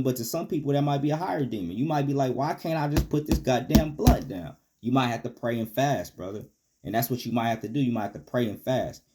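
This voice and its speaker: Animated slangy man teaching scripture. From United States. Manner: animated, swings from loud rebukes to low asides; slangy, ends phrases with "man". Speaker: Bible teacher. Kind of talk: street-talk Bible lesson.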